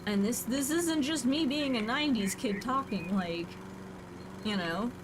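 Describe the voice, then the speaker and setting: A woman's voice: a little high, measured pace, background noise. A woman in her thirties streaming a building game, chatting casually and thinking aloud with playful asides. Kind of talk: casual gameplay commentary.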